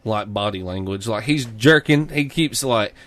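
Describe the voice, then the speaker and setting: A man's voice: on the low side, moderate pace, a bit bright, no echo. A man with a Southern US accent, co-hosting a podcast and telling a story in casual, profane chat. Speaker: podcast co-host.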